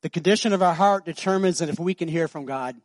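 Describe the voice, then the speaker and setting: A male pastor preaching a sermon, swinging between soft, slow passages and loud, emphatic high-pitched stretches. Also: no room sound, studio quality.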